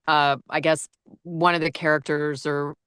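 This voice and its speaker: A woman who narrates audiobooks talks in an easy, chatty way and laughs often as she tells stories. Her voice sits low but rings bright and crisp. The recording is close and dry, with little room sound. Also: level tone, unhurried, no echo. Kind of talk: casual chat.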